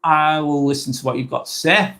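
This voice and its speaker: A man's voice: on the high side, steady tone, a little fast, sharp tone. A man hosting a live vlog, chatting casually with viewers and thanking them while he types.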